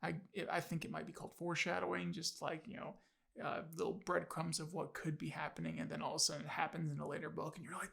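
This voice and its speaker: A man's voice: on the high side, level tone, fast talker, gravelly, fairly bright tone. A man casually reviewing an audiobook on his channel, enthusiastic and rambling, with many fillers and restarts.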